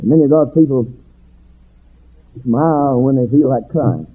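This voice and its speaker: A man preaching a sermon in a rhythmic, swooping cadence, building to shouted refrains. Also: mid-range voice, unhurried, breathy edge. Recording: tinny phone-like sound.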